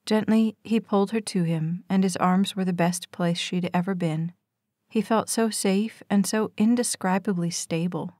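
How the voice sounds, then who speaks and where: A woman narrating a romance audiobook in a calm, even storytelling manner on a close studio mic. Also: mid-range voice, moderate pace, no room sound. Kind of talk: scripted narration.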